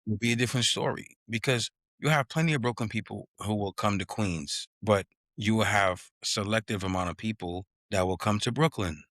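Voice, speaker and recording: Podcast host, young New man, low voice, dry close mic, animated storyteller. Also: fairly quick, no room sound. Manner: animated, acts out quotes in a raised voice, drops "yo" and "you know what I mean". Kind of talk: casual storytelling chat.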